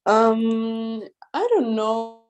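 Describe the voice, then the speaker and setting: Slow, hesitant woman learning English. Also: fairly high pitch, darkish tone. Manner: hesitant, searching for words, shy laughs. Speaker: English student. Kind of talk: answering a teacher's questions.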